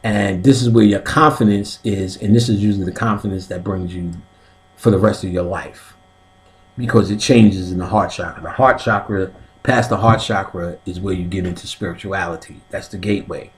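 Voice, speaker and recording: A man's voice: low-pitched, steady tone, moderate pace. A man teaching a comic lecture on spiritual topics, swearing freely and often asking "you know what I'm saying". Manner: explains step by step, like a teacher. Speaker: comedic occult class teacher. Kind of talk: stand-up style comedic lecture.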